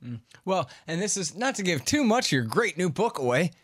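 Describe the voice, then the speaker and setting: A man's voice: high voice, big pitch swings, a little fast, a bit bright, no room sound. Male host in a dry room. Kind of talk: conversational interview.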